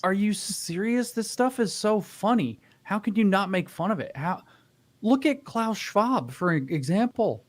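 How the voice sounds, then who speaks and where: A man in casual podcast chat, ranting in an animated, mocking way and swearing freely. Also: sits high, a little slow. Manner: animated, profane, mocking rants. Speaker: podcast panelist.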